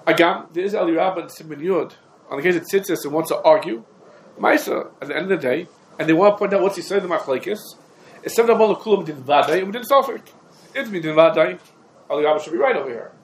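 A man teaching a Torah class, talking quickly and emphatically, his explanations dense with Hebrew and Aramaic legal terms. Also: a little high, animated, slight background noise, poor audio. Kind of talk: rapid halachic lecture.

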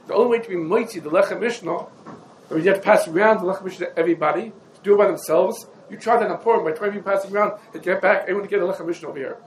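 A man with a notably high voice teaches a Torah class in a brisk, explanatory way. He piles up rabbinic sources one after another and keeps putting questions to his listeners. A faint background hiss sits under the voice. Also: low-quality recording. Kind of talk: halachic lecture.

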